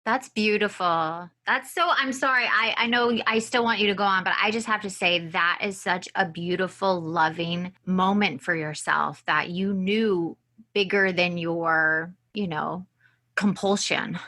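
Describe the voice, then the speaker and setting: A woman hosting an interview, affirming her guest with frequent soft replies. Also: lowish voice, a little slow. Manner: affirming, lots of soft back-channel replies. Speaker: host.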